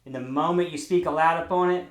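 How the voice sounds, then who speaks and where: A man's voice: on the high side, quick pace, reverberant. A man hosting an interview, affirming his guest and closing with motivational remarks. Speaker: interview host. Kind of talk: supportive interviewer.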